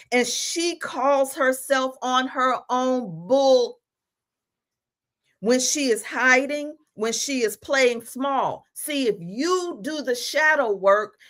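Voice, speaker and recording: Woman spiritual teacher, preacherly and emphatic, higher voice, unhurried. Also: a bit bright. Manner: preacherly, emphatic, reads declarations aloud; self-aware of talking fast. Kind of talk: inspirational teaching talk.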